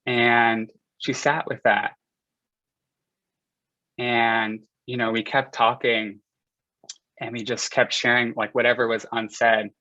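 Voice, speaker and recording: A man's voice: medium pitch, level tone, takes it slowly, long pauses, pushed and bright, dry recording. A young man sharing a personal story with a community group in a candid, confessional way, speaking loosely with lots of "like" and "you know", over a video call. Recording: dull lo-fi audio.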